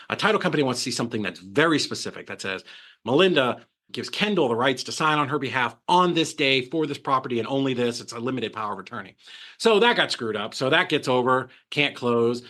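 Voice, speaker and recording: A man being interviewed on a podcast, talking casually and telling lively stories, acting out what other people said and often checking in with "right?". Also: medium pitch, fast talker. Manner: animated storyteller who acts out quotes, says "right?" often. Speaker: guest, transaction coordination business owner.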